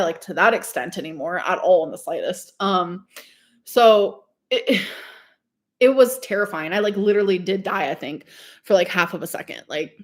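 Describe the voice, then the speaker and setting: A young woman chatting casually on a livestream, gushing over food and reading the chat. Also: medium pitch. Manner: chatty and gushing, says "like" a lot. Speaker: streamer reading live chat.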